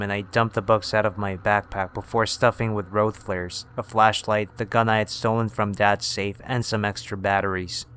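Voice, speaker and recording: A man narrating a first-person horror story in a steady, scripted storytelling manner. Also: lowish voice, clear, resonant tone.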